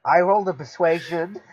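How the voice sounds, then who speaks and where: A man's voice: sits high, darkish tone, slightly rough, no echo. A man playing a tabletop game, laid-back and giggly as he calls for rolls. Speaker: player.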